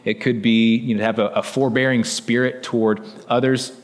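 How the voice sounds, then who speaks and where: A man delivers a sermon in a relaxed, conversational way, peppering his points with "like" and "right?" as he talks to the congregation. His voice sits at an ordinary middle pitch and carries a long hall reverb around it. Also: normal speed. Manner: conversational preaching with frequent "like" and "right?". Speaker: pastor.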